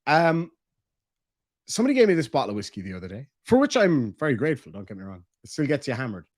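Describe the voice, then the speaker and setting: A man's voice: medium pitch, very animated, quick pace, no room sound, clean studio sound. A man with an Irish accent hosting a livestream, reading out viewer messages in a casual, joking, playfully crude way. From Ireland. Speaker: livestream host.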